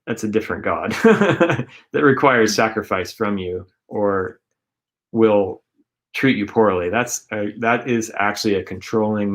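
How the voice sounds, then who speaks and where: Male co-host, lowish voice, earnest and rambling faith talk. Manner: earnest, rambling, filler-heavy.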